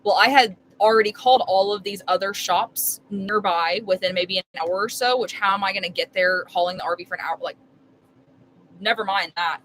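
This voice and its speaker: A woman's voice: mid-range voice, a little fast, a bit bright, a little hiss or hum, rough recording. Rambling young woman telling a story. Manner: rambling, emphatic, heavy with "like" fillers. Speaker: full-time RV live streamer. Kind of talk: casual storytelling chat. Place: inside her RV while making dinner.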